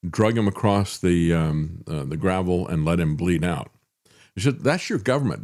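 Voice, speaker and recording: A low-voiced man hosts a talk show with indignant, emphatic commentary. He presses each point hard and keeps his delivery steady and pointed. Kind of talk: political commentary.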